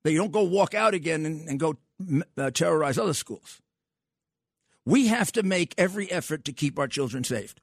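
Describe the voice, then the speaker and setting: A man's voice: a little high, expressive, normal speed, breathy edge, no echo, clean studio sound. An older man hosting a talk radio show, speaking with emphatic, scornful repetition.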